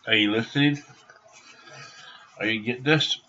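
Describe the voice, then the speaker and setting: A man's voice: mid-range voice, normal speed, sharp tone, slight background noise. A man vlogging from home by his computer, rambling, repeating himself and swearing freely, in a dull lo-fi recording. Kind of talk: rambling casual vlog.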